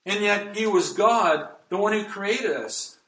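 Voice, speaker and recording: A man's voice: sits high, lively intonation, unhurried, a bit bright, echoey room, low-quality recording. A man preaching a sermon as pastor, emphatic and reading scripture aloud.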